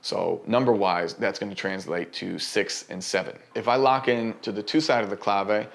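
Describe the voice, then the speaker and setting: Male dance instructor, lowish voice, counts beats aloud while explaining rhythm. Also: normal speed, gravelly. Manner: counts beats aloud and vocalizes clave patterns.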